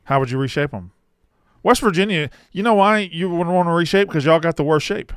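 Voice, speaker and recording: A man's voice: fairly high pitch, a little fast, smooth, no echo. A man co-hosting a sports podcast in casual studio chat, joking and ranting with plenty of swearing. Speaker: podcast co-host.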